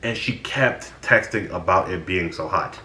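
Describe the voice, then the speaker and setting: A man's voice: low voice, unhurried, pushed and bright, echoey room. A man casually telling stories about his friends on his vlog. He sounds exasperated and swears freely. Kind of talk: casual storytelling.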